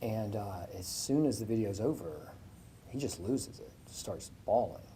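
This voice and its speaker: A man's voice: fairly low pitch, lively intonation, unhurried, mellow, slight background noise. A man giving an inspirational speech with a faith message at a breakfast event, telling a story in a conversational way. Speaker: guest speaker at a business breakfast.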